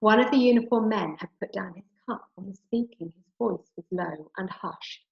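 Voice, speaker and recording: A teacher with an English accent reads a story aloud to her class, then talks it through in a gentle, encouraging way. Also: lowish voice, fairly even intonation, normal speed, gravelly, few pauses. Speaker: primary school teacher. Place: home room. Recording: roomy, dull home recording.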